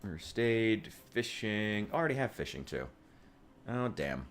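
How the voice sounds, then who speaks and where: A man's voice: fairly low pitch, very animated, unhurried. A man from the United States chatting casually while streaming a game, rambling and swearing with a wry edge. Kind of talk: casual gaming stream chat.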